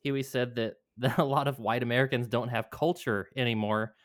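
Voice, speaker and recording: A man's voice: medium pitch, steady tone, fairly quick, no room sound, clean studio sound. A man telling a rambling, profane story in a casual chat.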